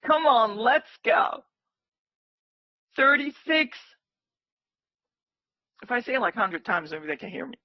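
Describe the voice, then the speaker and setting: Excitable woman cheering on a live trade. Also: fairly high pitch, unhurried, long pauses, no room sound, muffled recording. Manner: excitable, cheering the market on, pleading. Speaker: day-trading livestream host. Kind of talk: live trading commentary.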